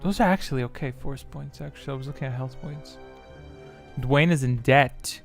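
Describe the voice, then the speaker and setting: A man hosts a quiz on his live stream, half talking to himself as he fiddles with settings and complains at the software. His voice has a gravelly, creaky edge. Faint music sits underneath. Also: medium pitch, normal speed. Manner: mutters to himself, exasperated at the software. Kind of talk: casual live-stream chat.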